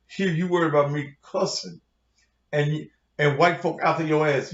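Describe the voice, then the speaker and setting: A man who is a pastor, delivering a heated, confrontational rant full of cursing to his online audience. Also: fairly high pitch. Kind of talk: profane livestream rant. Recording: roomy, dull lo-fi sound.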